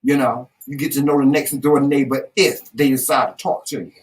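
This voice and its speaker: A woman's voice: a bass voice, steady tone, a little fast, recorded from a distance, rough recording. A woman with a Southern American accent, co-hosting a casual chat, telling stories emphatically with salty, folksy asides. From Southern United States. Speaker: co-host.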